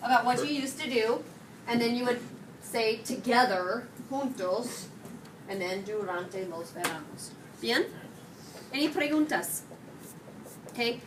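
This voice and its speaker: A woman teaching a high school Spanish class, questioning her students and mixing English with Spanish. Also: animated, unhurried, long pauses. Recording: distant mic, noisy classroom.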